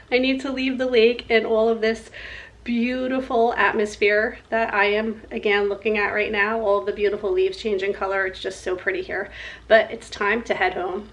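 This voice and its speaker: A woman in her forties vlogging her busy day in a chatty, apologetic way, laughing often. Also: a bit bright. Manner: high, sing-song baby talk to her pets. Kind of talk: casual daily vlog.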